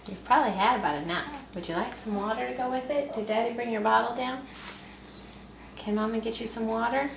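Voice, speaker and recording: A mother softly coaxing her baby through a feeding, speaking in gentle baby talk on a home video. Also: on the high side, a little fast, vocal fry, background noise. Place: room at home. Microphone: home video camera. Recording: echoey home video room.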